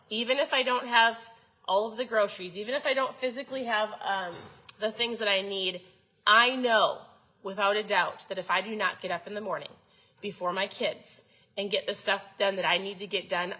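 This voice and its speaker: Bright-voiced chatty woman coaching viewers. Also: medium pitch, husky, low-quality recording. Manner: chatty, coaching, asks the audience questions. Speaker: host. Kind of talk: casual motivational talk to viewers.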